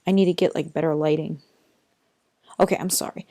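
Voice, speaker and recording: A woman's voice: deep voice, fairly even intonation, brisk, warm tone, dry recording. A young woman vlogging casually from her bedroom, chatty and rambling with lots of fillers, tired, recorded on a built-in computer mic. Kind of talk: casual unboxing vlog.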